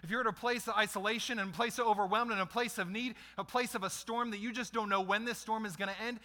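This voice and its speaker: Bright high-voiced man preaching a sermon. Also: fairly even intonation, fast. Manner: conversational preaching, asks the listeners questions. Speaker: pastor.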